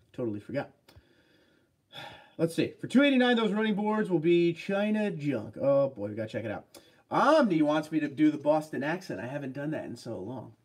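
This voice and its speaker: A man's voice: a little high, a little mellow. A man hosting a casual livestream, chatting upbeat and rambling as he reads out viewer comments. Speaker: livestream host.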